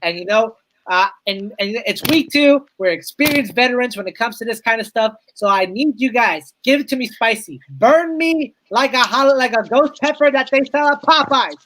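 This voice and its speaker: A man's voice: very high voice, lively intonation, moderate pace, sharp tone, slight background noise, low-quality recording. A man hosting a casual sports podcast, upbeat and joking as he hands topics to his co-hosts. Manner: upbeat, joking, steering the talk between guests. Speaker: podcast host.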